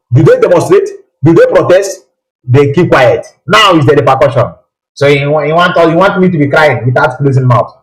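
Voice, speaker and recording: A man's voice: fairly high pitch, rough recording. A man hosting a live political call-in broadcast, talking emphatically with repeated rhetorical questions.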